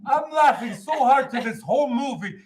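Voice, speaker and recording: A man chatting while getting ready to cut hair, telling a long funny story with loud, laughing punchlines. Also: extremely high pitch, normal speed, very noisy. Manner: animated, laughing storyteller who shouts punchlines. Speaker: hairdresser. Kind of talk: casual storytelling chat.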